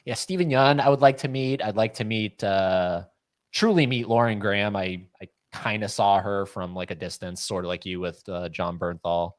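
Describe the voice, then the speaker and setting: A man with a fairly low voice co-hosts a casual livestream, reading out viewers' comments and chatting with his guests. He talks quickly and breaks into laughter often. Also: dry recording. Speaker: livestream co-host. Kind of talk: casual chat.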